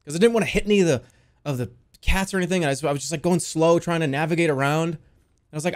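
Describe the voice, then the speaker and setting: A young man telling a wild story to his stream in a casual, animated way, swearing freely. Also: a little high, fast. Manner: animated, swears a lot, yells in the quoted bits.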